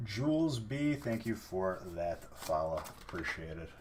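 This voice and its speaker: A man's voice: on the low side, very animated, unhurried, noisy background. A man casually chatting on a live stream while opening card packs, teasing and thanking viewers.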